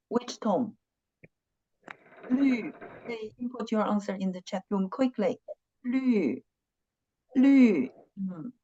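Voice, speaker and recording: A woman teaching an online language lesson, talking slowly and patiently and repeating syllables and tones again and again. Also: on the high side, warm tone, dull audio. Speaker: Chinese teacher.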